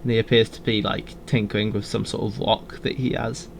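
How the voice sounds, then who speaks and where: A man's voice: lowish voice, level tone, brisk, creaky, slight background noise. A man narrating as game master on a voice call, hesitant and full of fillers, often laughing. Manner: hesitant, many fillers, giggly. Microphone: headset or desk mic on a call.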